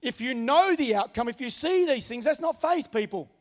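A man's voice: very high voice, animated, moderate pace, big-room sound. A man preaching a sermon, telling a personal story in an earnest way and repeating his key phrases. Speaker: pastor.

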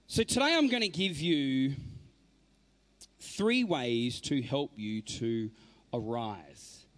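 A man as a motivational speaker giving an inspirational faith talk, telling his story dramatically and swinging from hushed lines to loud ones. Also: mid-range voice, animated, slow.

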